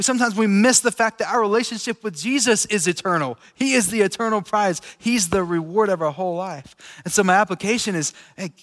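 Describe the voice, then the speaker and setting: A guy with a kinda high voice preaches in a really casual, chatty way, relaxed and quick to laugh. It's a conversational sermon to an audience in a big room, with the echoey hall giving a long reverb.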